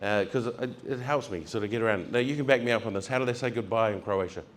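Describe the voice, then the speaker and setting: A man's voice: lowish voice, fast, a little hiss or hum. A heavyset man doing stand-up comedy, telling travel stories, acting out voices and laughing along.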